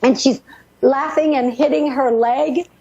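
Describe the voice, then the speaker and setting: Husky high-pitched lady psychic on the radio, rushing and stumbling over the messages, muffled lo-fi sound. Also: steady tone, dark tone. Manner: rushed, breathless relaying with many restarts. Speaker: psychic medium radio host. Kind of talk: channeling messages on a call-in radio show.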